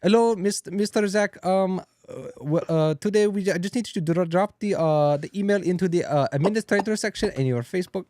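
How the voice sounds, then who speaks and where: A man's voice: sits high, fairly quick, hardly any pauses, a little mellow, no room sound, pitched above the performer's own voice, close to an everyday voice. A man voicing a phone scammer with a put-on accent, pleading and overly polite. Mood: pushy.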